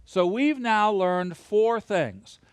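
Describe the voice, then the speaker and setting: A man teaching a Bible lesson to children and families, lively and encouraging, guiding them through hand motions as he talks alone into a camera. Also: high voice, takes it slowly, smooth, no room sound. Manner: lively, gesture-led, encouraging.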